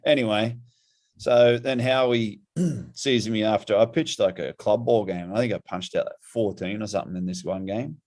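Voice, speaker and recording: An Australian man in his forties chats on a podcast, relaxed and unhurried. His voice sits low. He tells his story in a plain, easygoing way. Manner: relaxed, laid-back, says "mate" and "yeah" a lot. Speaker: podcast co-host. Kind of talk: casual chat.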